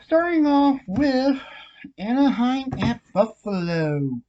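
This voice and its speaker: A hockey vlogger with a frog in their throat and a nagging cough casually runs through scores, odds and picks, chatting with lots of fillers. The mid-range voice is mellow and very animated, at a slow pace. The audio sounds dull.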